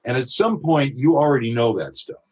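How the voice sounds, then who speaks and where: Interviewed on a podcast, a voice actor reflects on his craft, leaning on examples and quick imitations. His husky voice is mid-range, with a little hiss or hum in the recording.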